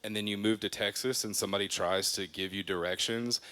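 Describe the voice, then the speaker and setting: Bright, joking young man from Louisiana. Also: fairly low pitch, fairly quick. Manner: joking, animated, says "dude" and "like". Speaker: podcast host. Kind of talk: casual interview chat.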